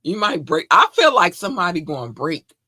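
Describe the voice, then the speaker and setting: A woman's voice: fairly low pitch, sing-song, brisk, slightly rough, no room sound. A woman co-hosting a casual podcast, effusive and playful, speaking. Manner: bubbly and effusive, shouting out listeners. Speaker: podcast co-host.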